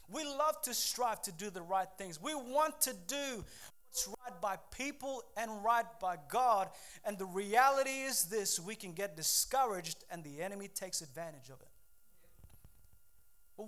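Pastor, male, very high voice, lively preaching style, acts out the people he quotes. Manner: animated preaching, acts out the speakers he quotes, calls out to the congregation. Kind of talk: sermon.

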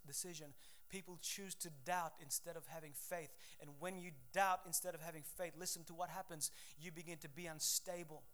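A man's voice: high-pitched, a bit bright. A man preaching a sermon as pastor, reading scripture and building to fervent exhortation. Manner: preaching with rising intensity, quoting scripture.

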